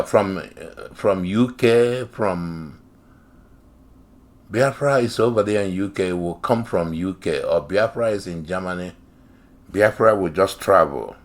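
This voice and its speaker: A man with a deep, low voice reads an article aloud and comments on it. He talks slowly and deliberately. He hammers on phrases with emphatic, sarcastic repetition. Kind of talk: reading and commenting to camera.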